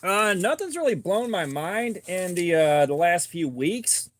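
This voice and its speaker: A man's voice: high-pitched, expressive, a bit bright, a little hiss or hum. A man hosting a casual livestream, joking and rambling as he answers viewer comments. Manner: joking, rambling, quick asides. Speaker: livestream host. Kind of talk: casual live chat reading comments.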